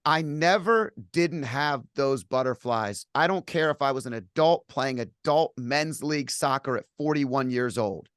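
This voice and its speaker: A man's voice: medium pitch, unhurried, few pauses, a bit bright, clean tone, no room sound, clean studio sound. A man in his forties hosting an interview, sharing a personal story in an earnest, conversational way. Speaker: podcast host.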